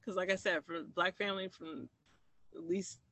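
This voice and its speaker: A man's voice: high-pitched, fairly even intonation, moderate pace, bright, forceful tone, dry recording. A man from Maryland telling a personal story in an interview, reflective, with restarts and acted-out quoted dialogue. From Maryland, USA.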